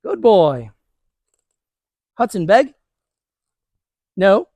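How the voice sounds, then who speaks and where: High-voiced man giving casual dog training tips. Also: sing-song, very slow, warm tone, dry recording. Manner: casual and encouraging, talking to viewers while working a dog. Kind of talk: hands-on training demonstration. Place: outdoors on a training property.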